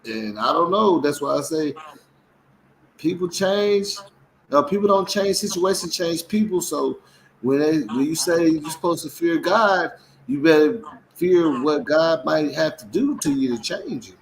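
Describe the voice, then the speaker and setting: A man's voice: on the high side, animated, measured pace, a little hiss or hum, low-quality recording. A man co-hosting a casual commentary chat, talking animatedly and acting out quotes in mimicking voices. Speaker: co-host.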